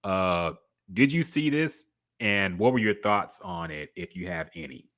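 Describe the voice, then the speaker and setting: A man's voice: lowish voice, very animated, moderate pace, a bit bright. A man co-hosting a podcast in casual chat, laid-back and profane, trailing off with fillers. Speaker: podcast co-host.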